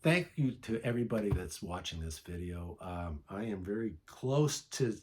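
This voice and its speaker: A man's voice: fairly low pitch, expressive, normal speed. A man hosting a vinyl collector channel, chatting casually and rambling with lots of fillers, with hiccups. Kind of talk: casual vlog chat.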